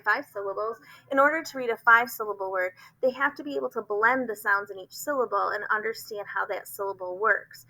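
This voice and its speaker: Bright-voiced teacher talking to parents. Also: female voice, medium pitch, poor audio. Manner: friendly, explains step by step with examples. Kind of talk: informal instructional talk to parents.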